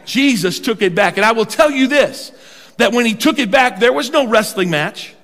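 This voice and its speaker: An older man preaching a sermon as pastor, animated and humorous, drawing out key words for emphasis. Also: extremely high pitch, moderate pace. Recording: long hall reverb.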